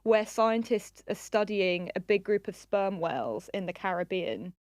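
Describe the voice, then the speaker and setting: A woman science reporter explaining things in quick, lively conversational chat. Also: mid-range voice, no room sound, clean studio sound.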